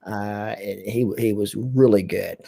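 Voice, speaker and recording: A man's voice: on the low side, steady tone, unhurried, creaky, mellow. A man co-hosting a casual podcast, mostly chiming in with brief, agreeable remarks. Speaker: podcast co-host. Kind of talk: casual chat.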